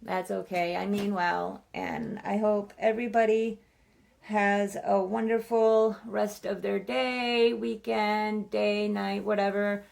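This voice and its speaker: A woman's voice: medium pitch, steady tone, takes it slowly, creaky, a little mellow. A young woman chatting casually about a book she read, rambling, swearing freely and saying "like" a lot. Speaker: book vlogger. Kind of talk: casual book review chat.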